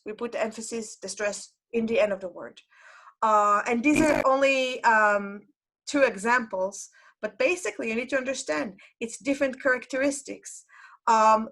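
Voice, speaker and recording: Over a video call, a woman who teaches Hebrew gives an online lecture to learners, explaining material and putting questions to her audience. Her voice is on the high side and a bit bright.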